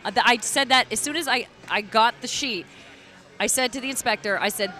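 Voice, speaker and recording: A woman's voice: on the high side, a little fast, sharp tone, soft background music. Indignant woman fight commentator. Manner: indignant, blunt about scoring.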